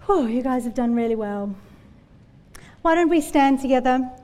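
A woman's voice: sits high, expressive, normal speed, a little mellow. A woman preaching a sermon in a church, telling Bible stories in an earnest, conversational way. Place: church hall. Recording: long hall reverb.

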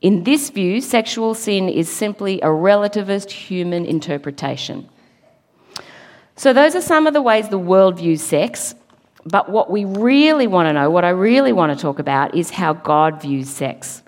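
Lady preaching, earnest and emphatic, mid pitch, long hall echo. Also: expressive, normal speed, darkish tone. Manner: earnest, emphatic, laughs at her own slips. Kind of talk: church talk.

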